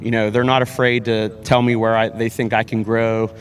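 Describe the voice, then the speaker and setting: Speaking earnestly at a moderate pace and in a level tone, this high school football head coach gives a sports interview. Repeated words and filler-laden restarts come up often.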